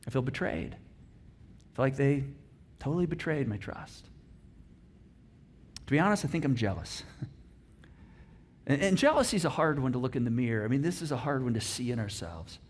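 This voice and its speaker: A man's voice: mid-range voice, expressive, fairly quick, pauses often, slightly rough. A middle-aged man preaching a conversational sermon, acting out example thoughts. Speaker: pastor.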